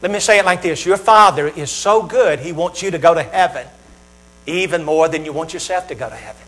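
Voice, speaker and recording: A middle-aged male preacher with a high-pitched voice delivers a sermon to his congregation. He repeats his points and lets his voice swell as he presses them home. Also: fairly quick, a bit bright, low-quality recording. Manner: emphatic, repetitive preaching that swells in volume; talks straight to the congregation.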